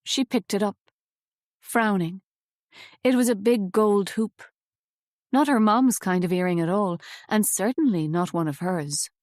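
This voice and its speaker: A woman reading a novel aloud as an audiobook narrator, in a measured, even storytelling manner on a close studio mic. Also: medium pitch, no room sound.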